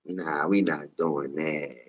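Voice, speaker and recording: A tired man with a New Orleans accent ranting profanely on a casual sports livestream, switching between low mumbles and loud outbursts. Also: steady tone, slow. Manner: profane, heated, jumps between mumbling and shouting.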